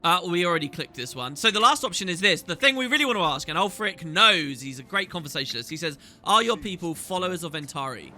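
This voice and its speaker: A man's voice: on the high side, very animated, fast talker, few pauses, pushed and bright. A man hosting a gaming video, chatting casually as he plays and reading quest dialogue aloud. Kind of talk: casual gameplay commentary. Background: faint game music.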